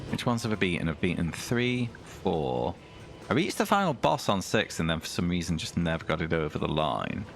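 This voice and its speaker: A man's voice: sits low, sing-song, moderate pace, creaky, slight background noise. A man streaming a retro racing game, chatting casually with his viewers and reading things aloud with dry comments.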